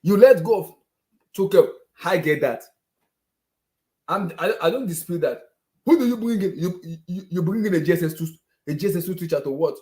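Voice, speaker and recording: A man's voice: high voice, lively intonation, normal speed, warm tone. A man, ranting as a football fan to camera, exasperated and repeating the same phrases over and over. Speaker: football fan channel host. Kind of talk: angry fan rant to camera.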